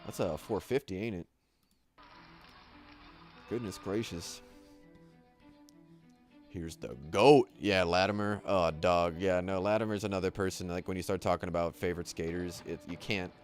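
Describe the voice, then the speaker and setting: A man's voice: sits low, moderate pace, long pauses, soft background music. Rambling laid-back man commenting on a stream. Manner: excitable, rambling, lots of fillers and laughs. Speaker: livestream host. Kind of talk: casual livestream commentary.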